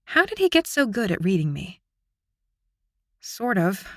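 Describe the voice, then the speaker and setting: Female audiobook narrator, expressive and close-miked, dry sound. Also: medium pitch, unhurried, dry recording. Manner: expressive, intimate storytelling. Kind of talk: first-person fantasy audiobook narration.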